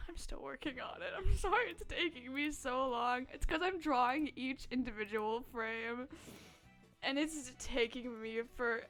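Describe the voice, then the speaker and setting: Giggly young woman streamer, high voice. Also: unhurried, a bit bright, soft background music. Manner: giggly, laughs often between lines; playful, swearing, reads and answers chat. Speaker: live streamer. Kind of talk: casual live-stream chat.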